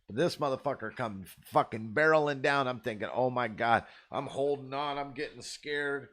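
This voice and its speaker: A man's voice: mid-range voice, moderate pace, a bit bright. A man host telling rambling, profane stories in a laid-back, casual way. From Arizona. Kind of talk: casual storytelling.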